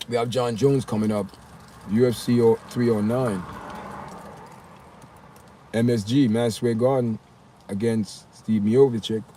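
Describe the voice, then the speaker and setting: Mellow-voiced man, casual live chat host outdoors, light street noise. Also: medium pitch. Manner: animated, talks straight to his viewers. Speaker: livestream host. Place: outdoors on a windy city street.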